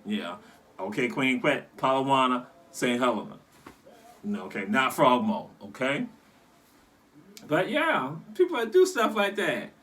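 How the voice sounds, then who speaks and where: A man from the South Carolina Lowcountry talking casually about local sayings, animated and teasing, repeating words for emphasis and laughing often. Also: a little slow, long pauses, recorded from a distance. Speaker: cultural commentator.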